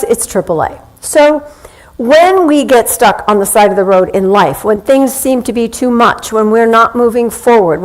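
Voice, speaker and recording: A woman minister giving a sermon in a conversational, anecdotal way, slowing down with deliberate pauses. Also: a little high, a little mellow, poor audio.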